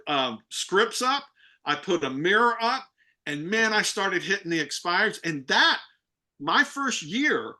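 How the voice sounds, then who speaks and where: Man, very bright voice, slightly high, animated storytelling, acts out dialogue, video call. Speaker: guest speaker, real estate broker.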